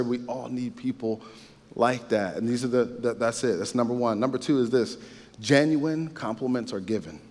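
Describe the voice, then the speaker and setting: A long reverb tail follows this man's mid-range voice as he gives a casual faith-based talk in a sermon style. He talks conversationally, says things more than once, and keeps making asides to those listening.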